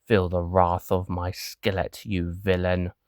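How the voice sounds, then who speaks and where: A man's voice: deep voice, level tone, slow, clear, resonant tone, dry recording. Man voicing a boastful comic superhero, over the top, dry recording. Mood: heroic.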